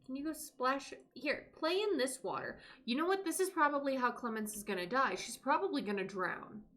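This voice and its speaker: Chatting away to her viewers and her in-game characters, a young live streamer gives casual commentary on a life-sim game. Her voice is high-pitched, bright, and expressive, and she talks a little fast.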